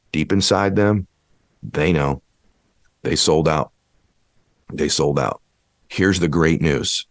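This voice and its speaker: A man with a lowish voice delivers a motivational speech. He presses the audience with repeated rhetorical questions in a dry, close recording. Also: no echo. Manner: emphatic, repetitive rhetorical questions. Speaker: motivational speaker.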